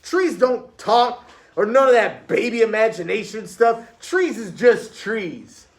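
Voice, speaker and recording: Brief: man playing a stubborn little boy, scoffing and blunt, pitched up and loud. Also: unhurried. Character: grumpy, stubborn schoolboy.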